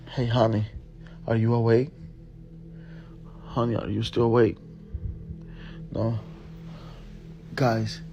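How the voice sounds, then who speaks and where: A frightened man filming himself in his bedroom at night, talking to viewers in a hushed, halting voice and swearing under his breath. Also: lowish voice. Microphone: handheld phone camera.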